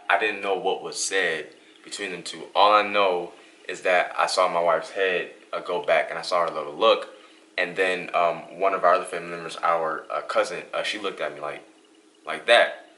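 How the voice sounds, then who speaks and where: A man's voice: sits low, normal speed. A young man hosting a couple's vlog, from Western New York, telling a story casually and acting out the dialogue. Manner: animated, acts out dialogue. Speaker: vlog host.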